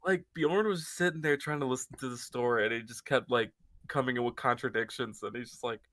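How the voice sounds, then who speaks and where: A man co-hosting a casual book club podcast, animated, slipping into silly voices when he retells scenes, on an amateur podcast mic. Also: mid-range voice, fairly quick. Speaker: podcast co-host.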